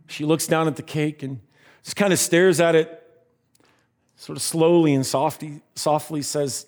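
A man preaching by telling a story, animated and giving voices to the characters in it. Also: a little high, moderate pace. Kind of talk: sermon storytelling.

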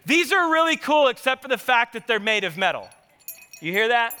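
A man as pastor, preaching a sermon with animated, conversational storytelling and asking the congregation to answer him. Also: very high-pitched, a little fast, clear, resonant tone. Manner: animated, conversational, engages the audience. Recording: long hall reverb.

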